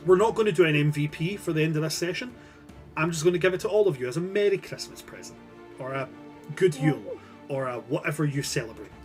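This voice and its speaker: A man's voice: on the high side, lively intonation, quick pace, over music. A man narrating as game master in a loose, rambling way, with casual swearing.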